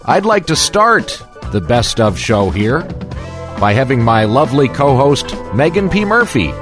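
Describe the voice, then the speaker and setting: A man's voice: mid-range voice, lively intonation, measured pace, over music. A man hosting a morning radio show, joking in a wry, self-deprecating way. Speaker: radio host.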